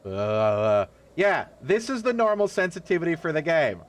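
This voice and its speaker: With big swings in pitch and a normal speaking speed, a man cracks loose, profane running jokes while playing a horror game on stream. It's casual commentary, punctuated by abrupt jumps in pitch.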